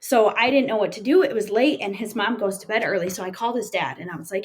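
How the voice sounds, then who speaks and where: A woman in her thirties tells her story in an interview, pausing often and filling the gaps with "um" and "like". Her voice sits at an everyday middle pitch. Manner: plain, halting retelling with frequent fillers. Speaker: interview guest.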